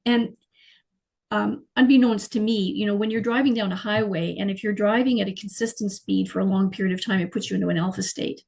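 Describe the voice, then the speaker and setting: A middle-aged woman, telling her life story as an interview guest in an animated, emotional way. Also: mid-range voice, fairly quick, gravelly, rough recording. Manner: animated, emotional, frequent fillers and restarts. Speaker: guest, clairvoyant healer.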